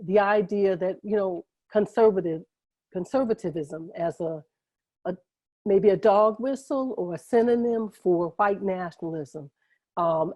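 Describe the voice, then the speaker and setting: Rambling, mellow-voiced female moderator. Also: lowish voice, no echo. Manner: enthusiastic, rambling, self-interrupting. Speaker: host and moderator. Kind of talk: conversational interview question. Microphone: video call.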